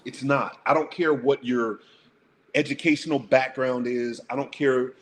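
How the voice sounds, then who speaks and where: A man's voice: medium pitch, steady tone, measured pace. A blunt, profane man speaking emphatically as a guest on a casual panel talk show.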